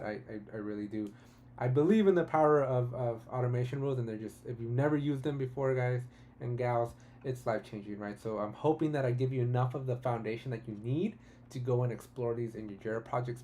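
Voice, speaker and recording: A man hosts a live software tutorial in a relaxed, chatty way. His voice is mellow and dark-toned, and he often trails into "right?" and restarts his sentences. He sounds excited about his subject. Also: mid-range voice, a little hiss or hum. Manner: casual and enthusiastic, with frequent "right?" and restarts. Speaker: tutorial host.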